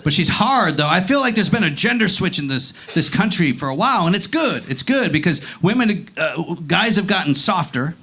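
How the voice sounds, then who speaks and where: A male stand-up comedian with a high, lively voice that jumps all over the place. His tone is bright and forceful, with a gravelly edge. He talks profanely and rambles, putting on voices for bits. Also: moderate pace, hardly any pauses, slight background noise. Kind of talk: live stand-up set. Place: comedy club stage.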